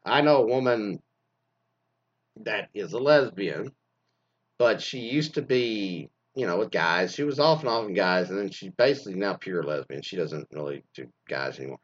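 Rambling, profane male podcast host, lively up-and-down pitch, muffled lo-fi sound. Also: moderate pace. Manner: profane, rambling, full of fillers. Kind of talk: casual rant. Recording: dull lo-fi recording.

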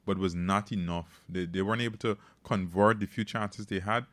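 Halting low-voiced man co-host. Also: fairly even intonation, a bit bright, no echo. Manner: halting, repeats words. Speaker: morning show co-host. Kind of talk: casual chat.

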